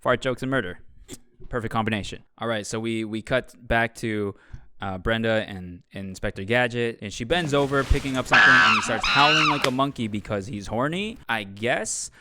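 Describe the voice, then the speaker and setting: A man's voice: medium pitch, animated, normal speed, pushed and bright, soft background music. A young man giving a casual, sarcastic movie review, swearing freely and acting out the characters. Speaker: video host reviewing a movie. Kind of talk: casual comedic commentary.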